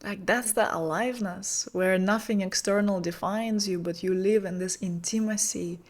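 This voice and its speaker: A woman hosts a podcast as a spiritual mentor. She speaks softly and affirmingly at a middle pitch, and she chooses slow, reflective words. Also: fairly even intonation. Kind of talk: warm reflective podcast talk.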